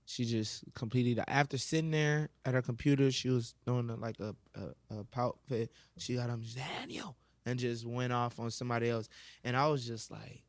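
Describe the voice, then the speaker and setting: Man telling an animated story. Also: mid-range voice, a little fast, no room sound. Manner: animated storyteller who acts out voices. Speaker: podcast guest, educator. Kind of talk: casual storytelling.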